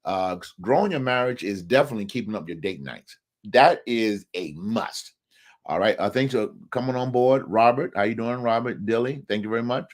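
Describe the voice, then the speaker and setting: Man, live show host, emphatic preacher-like talk, swooping lively intonation. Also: lowish voice. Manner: emphatic, repeats questions to viewers.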